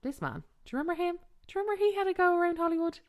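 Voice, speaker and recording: A woman's voice: extremely high pitch, animated, rapid-fire. An Irish woman hosting a podcast in casual chat, blunt, playful and swearing freely. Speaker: podcast host.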